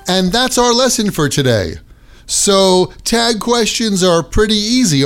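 A man teaching an English grammar lesson on his podcast, with a clear and deliberate delivery. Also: sits high, very animated, a bit bright, soft background music.

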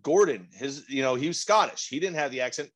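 A man's voice: medium pitch, expressive, fairly quick, a bit bright. A man in casual chat, blunt and profane, often restarting his sentences.

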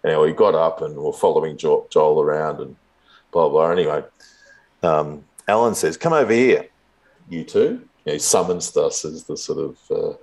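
A man's voice: extremely low pitch, level tone, normal speed, gravelly, a little mellow. A man in his fifties telling a long story in a casual, rambling way, chuckling often as a guest in an interview. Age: 50s.

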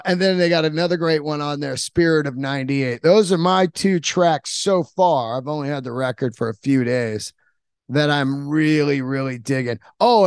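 Brief: excitable, foul-mouthed male podcast host talking off the cuff, close dry mic. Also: a little high, clear, resonant tone, no room sound. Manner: rambling, profane, enthusiastic. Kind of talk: casual monologue.

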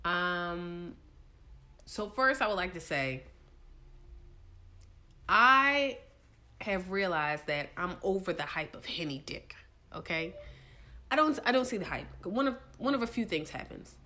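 A young woman co-hosting a casual chat, telling a story in an animated, profane way. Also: lowish voice, a little slow, pauses often. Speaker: podcast co-host.

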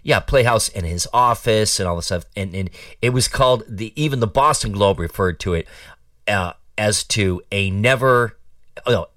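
Sarcastic low-voiced man on a dry, distant mic. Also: normal speed, a bit bright, no room sound. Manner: sarcastic, mocking, rambling with restarts. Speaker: talk show host. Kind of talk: opinionated political commentary.

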